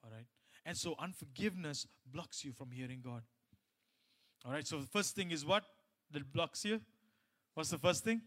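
Guy preaching a sermon, gets loud and high on the big points then quiet telling his story, lots of restarts. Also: moderate pace, pauses often. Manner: many restarts and repeated phrases. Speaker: pastor.

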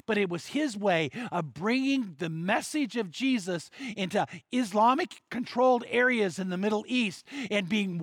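A man's voice: high voice, fairly bright tone, no room sound. A man preaching a sermon, telling a story and acting out the voices of the people in it. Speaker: pastor.

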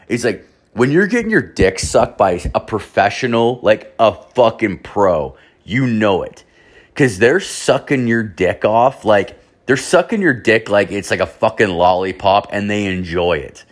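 Rambling, foul-mouthed young man, lowish voice. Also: expressive, unhurried. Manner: rambling, heavy on filler words and cursing. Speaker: storyteller. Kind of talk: casual profane anecdote.

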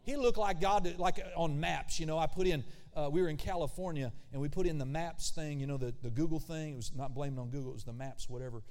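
A man preaching a sermon as pastor, animated, with conversational asides and acted-out voices. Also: on the high side, fast talker, few pauses. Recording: long hall reverb.

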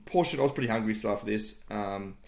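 Brief: male co-host, relaxed and easygoing, pitched a bit low. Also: fast. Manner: laid-back, laughing banter. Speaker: podcast co-host. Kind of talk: casual chat.

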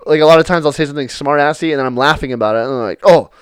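A man's voice: fairly high pitch, very fast, clean tone, dry recording, clean studio sound. A young man chatting casually, swearing freely, joking and laughing often. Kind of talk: casual chat. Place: Southern California.

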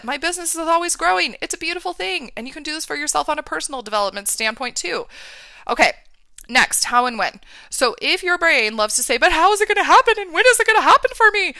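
A woman's voice: a little high, sharp tone, smooth, dry recording, studio quality. A woman coach giving an emphatic motivational talk, often checking in with "right?" and "okay". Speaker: mindset and business coach for women.

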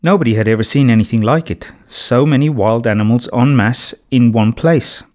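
Measured man reading a storybook. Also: medium pitch, darkish tone. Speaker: audiobook narrator. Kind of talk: storybook narration.

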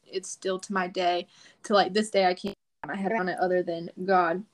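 A woman's voice: on the low side, level tone, brisk. A woman guest on a podcast, telling a personal story in a casual, emphatic way and acting out quoted prayers.

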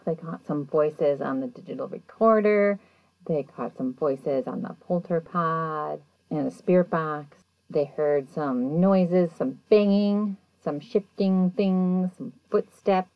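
Woman podcast host, low voice, dry lo-fi home mic, chatty recap. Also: takes it slowly, dry recording. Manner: chatty, animated retelling with quoted voices. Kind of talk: casual episode recap.

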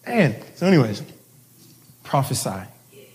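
A man's voice: mid-range voice, very animated, moderate pace, a little mellow. A male pastor telling a personal story in a sermon, casual and laughing, with many restarts. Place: church service.

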